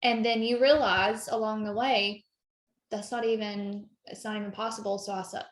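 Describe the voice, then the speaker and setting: A woman's voice: mid-range voice, fairly even intonation, normal speed, roomy sound. A woman hosting a team call, effusive and encouraging, talking casually about goals and commitment.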